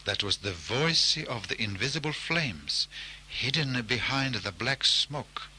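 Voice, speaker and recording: A man telling a folk tale with slow, measured care. His voice is very bright and ringing, and he lets each phrase land before moving on. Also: medium pitch, lively intonation, slight background noise, poor audio. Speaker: narrator. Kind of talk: storytelling narration.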